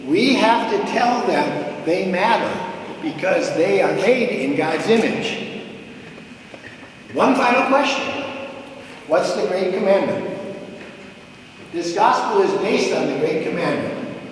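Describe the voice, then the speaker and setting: A man preaching a sermon, telling a story with lively gestures and often checking in with his listeners. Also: high voice, slow, long pauses, a little hiss or hum. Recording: echoey hall, mic far off.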